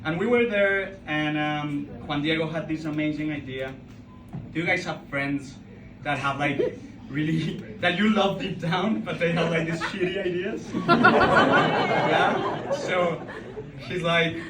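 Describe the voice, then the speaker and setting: A young man with a Colombian Spanish accent, a native Spanish speaker, telling a stand-up story on a club stage, halting and full of fillers and restarts. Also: fairly high pitch, lively intonation, background noise. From Colombia (Bogota). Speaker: stand-up comedian. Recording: roomy club sound from far off, loud crowd. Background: audience laughing.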